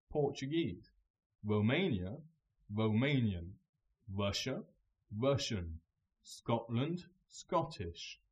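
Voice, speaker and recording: Man, vocabulary list reader, extremely slow, lively pitch, measured pauses. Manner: measured, pausing after every word. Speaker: language teacher. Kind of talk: reading vocabulary lists.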